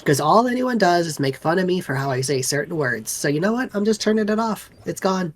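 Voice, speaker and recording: A woman's voice: lowish voice, animated, brisk. A woman streamer chatting casually while gaming, in a put-on Boston-New York accent, teasing her co-player. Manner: teasing banter.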